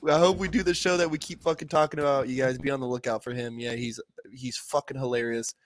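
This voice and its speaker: A man's voice: medium pitch, steady tone, fast. A man in his thirties co-hosting a podcast, telling stories in a casual, profane and heartfelt way. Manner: profane, emotional storytelling. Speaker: podcast co-host.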